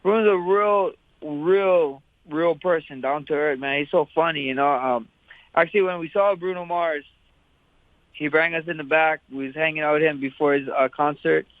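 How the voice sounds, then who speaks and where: A man's voice: fairly high pitch, normal speed, no room sound. A man from Hawaii, a fighter talking as an interview guest in a laid-back, rambling way full of "you know". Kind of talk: casual interview chat. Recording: tinny phone-like line.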